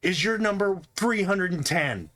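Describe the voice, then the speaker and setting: A man's voice: high-pitched, lively intonation, unhurried, fairly bright tone, pitched above the performer's own voice. A man voicing a corny male stage comedian in a tabletop game, with hammy, brash showman patter. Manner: hammy, punchline-driven, brash emcee patter.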